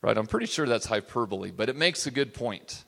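A man of middle pitch teaches a Bible class, his voice ringing out with a long reverb tail. He talks in a conversational way and often checks in with a quick question to his listeners. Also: animated, vocal fry, a bit bright. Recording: reverberant hall.

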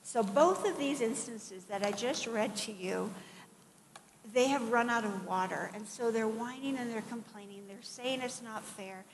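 Woman pastor, middle-aged, fairly high voice, chatty animated sermon delivery, echoing hall, faint hiss behind. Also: a little slow. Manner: conversational, animated, with asides and acted-out quotes. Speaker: preacher. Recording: long hall reverb, faint background noise.

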